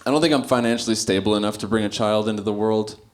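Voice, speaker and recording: A young man doing a stand-up comedy set on a club stage, telling stories in an animated way, acting out quotes and laughing often. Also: fairly low pitch, fast talker. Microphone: handheld stage mic. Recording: live club recording with audible noise. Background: audience laughter.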